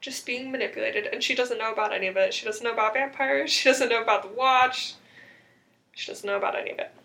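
A woman's voice: fairly high pitch, fast, gravelly, bright, forceful tone. A young woman chatting casually, recapping a TV episode and acting out quotes with sarcasm.

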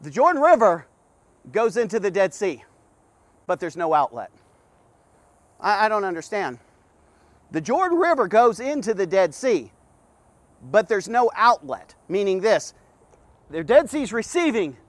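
A man giving a rambling devotional talk, stammering and repeating himself with animated asides. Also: sits high, a little slow, pauses often, dry recording. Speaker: devotional podcast host.

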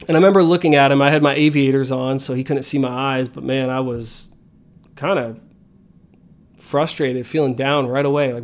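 A man's voice: mid-range voice, steady tone, moderate pace. A man in his thirties, a podcast host telling a story and coaching his listeners in an earnest motivational style. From United States.

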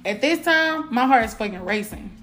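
A woman's voice: fairly high pitch, animated, normal speed, a bit bright, faint music behind. A woman, telling a frank, profane storytime. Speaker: vlogger. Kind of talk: casual storytime.

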